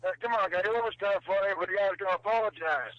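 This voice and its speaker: A brash tough-guy wrestling star calls in, as a man puts him on over the phone. The voice sits high for a man and sounds dry and close, with no room around it. He drawls and teases, gruff and cocky throughout. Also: very fast, no room sound, dull audio, lightly acted. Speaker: caller. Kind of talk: prank phone call impression.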